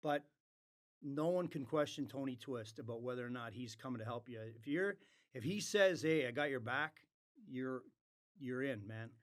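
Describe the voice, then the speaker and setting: Animated storytelling man, blunt and profane. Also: medium pitch, normal speed. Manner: animated, acts out quoted dialogue, swears freely. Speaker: podcast guest. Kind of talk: casual storytelling.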